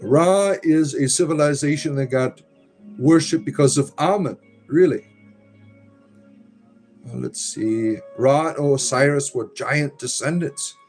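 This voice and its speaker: A man's voice: fairly high pitch, unhurried, a little mellow, faint music behind. A man hosting a casual livestream, reading viewer comments aloud with wry remarks and muttered asides. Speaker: livestream host reading chat. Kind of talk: casual live-stream chat.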